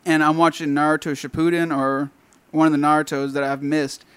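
A man's voice: on the high side, brisk, clear, resonant tone, no room sound. A man telling a story in casual chat with friends, swearing and acting out the quotes. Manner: animated, swearing, acts out quotes.

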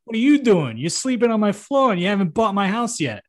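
A man's voice: big pitch swings, brisk. A man doing a sleazy Jersey lawyer. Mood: indignant. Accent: New Jersey. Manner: crude, smug, raised pitch. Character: sleazy middle-aged male immigration lawyer.

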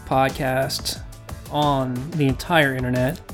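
A man co-hosting a casual comedy podcast, trading deadpan jokes and plugging the show. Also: medium pitch, slow, soft background music. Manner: joking, deadpan self-promotion. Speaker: podcast co-host.

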